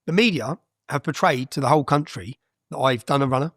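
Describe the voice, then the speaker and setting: A man's voice: mid-range voice, brisk, fairly bright tone, dry recording, studio quality. A man, a guest on an interview podcast, telling his story bluntly and with energy, with frequent "yeah?" tags and some swearing.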